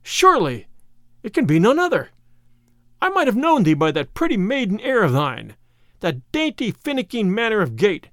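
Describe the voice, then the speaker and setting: A man's voice: sits high, huge pitch swings, moderate pace, a bit bright, no echo, studio quality, pitched above the performer's own voice, full character voice. A man voicing Robin Hood, a hearty, bold male outlaw leader who exclaims in old-fashioned speech.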